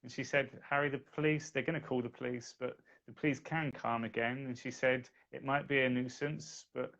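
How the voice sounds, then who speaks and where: Gravelly-voiced man telling a story. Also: medium pitch, fairly even intonation, moderate pace, a bit bright. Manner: recounts events plainly, quotes others. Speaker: guest. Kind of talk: casual podcast chat, storytelling. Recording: dull lo-fi audio.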